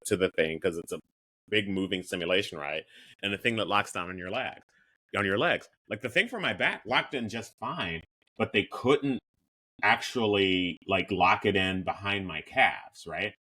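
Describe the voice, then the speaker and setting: A man's voice: on the low side, normal speed, sharp tone. A man in his fifties co-hosting a podcast, chatting candidly and joking at his own expense. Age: 50s. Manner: candid, self-deprecating, with frequent restarts. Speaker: podcast co-host. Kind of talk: casual chat.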